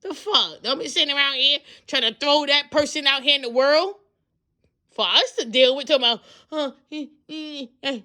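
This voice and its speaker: A woman in her thirties giving a loud, profane, animated pep talk as a tarot reader, acting out voices as she goes. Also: high-pitched, a little fast.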